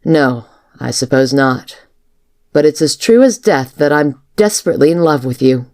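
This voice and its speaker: A woman reading the lines of a flustered, lovestruck male army major in a storybook, in a low plain voice. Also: animated, fairly quick, warm tone. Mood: musing.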